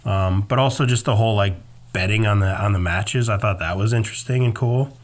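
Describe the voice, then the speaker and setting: Lower-pitched man chatting casually. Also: brisk. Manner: rambling, opinionated, frequent fillers. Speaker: podcast co-host. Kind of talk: casual chat.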